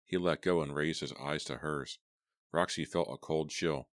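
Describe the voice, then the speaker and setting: A man narrating a horror novel as an audiobook, steady and deliberate. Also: very deep voice, no echo, studio quality.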